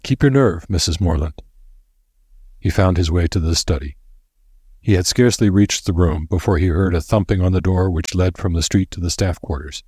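Low husky guy reading a story aloud, dry close sound. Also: no echo. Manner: steady measured reading. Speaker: narrator. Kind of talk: audiobook narration.

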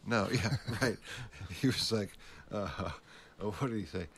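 A man's voice: on the low side, a little slow, a little hiss or hum. A man chatting casually and telling stories, acting out quoted lines with lots of energy. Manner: animated storytelling, acting out quotes. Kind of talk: casual chat.

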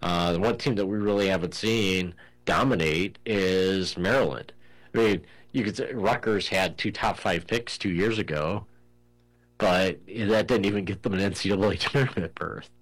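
Man, very low voice, casual sports-talk host, loose and rambling, leans heavily on fillers. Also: normal speed, low-quality recording. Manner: rambling, heavy use of "you know" fillers; thinks aloud with frequent restarts.

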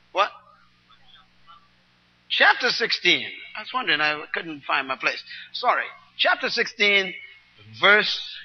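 A man preaching a teaching sermon, explaining scripture word by word and calling on the congregation to repeat after him. He swings between loud, emphatic bursts and soft asides. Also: sits high, slightly rough, highs cut off. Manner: teaching, asks the congregation to repeat and write words down.

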